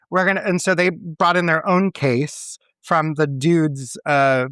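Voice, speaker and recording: A man's voice: on the high side, unhurried, a bit bright, no echo. A man co-hosting a podcast in casual chat, ranting bluntly and swearing often. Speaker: podcast co-host; teacher.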